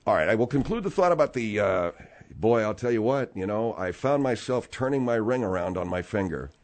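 A man's voice: on the low side, lively intonation, fairly quick. A man hosting a comedic radio show, sarcastic and theatrical, riffing in long exaggerated runs. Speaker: radio host.

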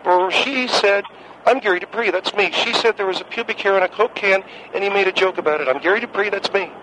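A man voicing a compulsive male caller who keeps mechanically repeating his own name, earnest and halting. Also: high voice, noisy background, pitched above the performer's own voice, close to an everyday voice. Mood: earnest, fixated.

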